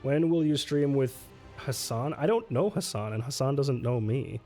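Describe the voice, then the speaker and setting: A man's voice: mid-range voice, lively intonation, normal speed, darkish tone, soft background music. A man casually playing through a solo tabletop game on stream, reading rules aloud, answering chat and laughing often. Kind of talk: casual livestream play-through.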